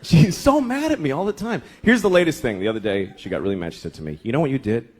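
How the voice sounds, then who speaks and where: A man's voice: a little high, fast talker, slightly rough. A man doing a stand-up comedy routine, telling profane, exaggerated stories about married life into a stage mic. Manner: profane, exaggerated, animated storytelling. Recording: live show with audience and room noise.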